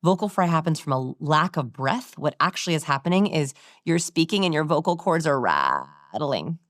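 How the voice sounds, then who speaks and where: A woman in an interview, explaining body language in an animated, demonstrative way. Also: sits low, moderate pace, no echo, studio quality. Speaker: guest expert on body language.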